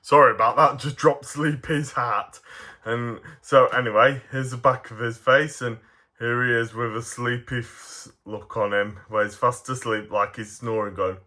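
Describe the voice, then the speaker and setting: Giggly man reviewing toys, slow. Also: medium pitch, steady tone, bright, forceful tone. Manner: giggly, playful, laughs often. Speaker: toy reviewer. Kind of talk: casual toy review.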